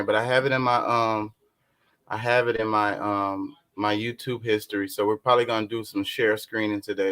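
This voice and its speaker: A man's voice: on the low side, a bit bright, clear, resonant tone. A young man hosting a casual livestream chat, rambling, swearing and flustered. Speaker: show host.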